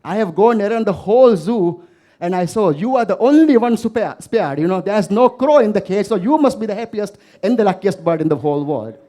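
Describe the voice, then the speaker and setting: A man's voice: medium pitch, big pitch swings, normal speed, dark tone. A man voicing a vain caged peacock that is bitter about its captivity, in a fable told on stage. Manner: exasperated, rhetorical questions.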